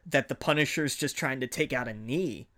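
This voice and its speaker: A man's voice: mid-range voice, normal speed, pushed and bright. A man co-hosting a podcast, explaining his views thoughtfully in casual chat. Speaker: podcast co-host.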